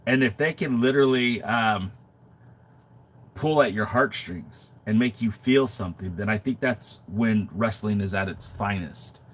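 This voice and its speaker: A middle-aged man from Southern California talks in a fairly low voice, sounding under the weather with a sore throat and runny nose. He chats casually on a live stream through a webcam mic in a makeshift home studio, often restarting and reflecting as he goes. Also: a little slow. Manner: conversational, with frequent restarts and reflective asides. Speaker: wrestling podcast co-host.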